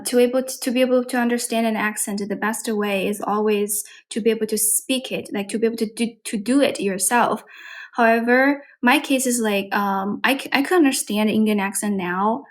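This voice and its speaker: A young woman whose first language is Chinese, chatting casually while practicing English and filling her talk with "like" and "um". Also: fairly high pitch. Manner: chatty, many fillers like "like" and "um". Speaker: live-stream host practicing English.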